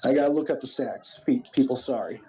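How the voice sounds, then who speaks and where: Husky man giving excited play-by-play. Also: medium pitch, low-quality recording. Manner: animated, quick, with frequent restarts. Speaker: gamer narrating a wrestling simulation.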